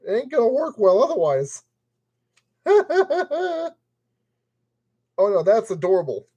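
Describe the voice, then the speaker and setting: A man's voice: high voice, sing-song, quick pace, mellow, breathy edge, dull audio. A man building a model kit and commenting casually as he works, playfully talking to the parts. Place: at a work table.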